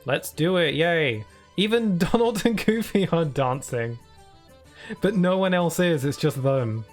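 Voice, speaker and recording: A man's voice: a little high, animated, a little slow, soft background music. A British man chatting casually while streaming a video game, laughing often and reading chat and on-screen text aloud. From United Kingdom.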